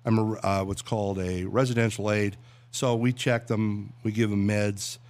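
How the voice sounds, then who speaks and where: A man's voice: on the low side, fairly even intonation, normal speed, darkish tone. A man who works in radio and voiceovers, a guest chatting casually and telling jokes with acted voices. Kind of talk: casual chat and joke-telling.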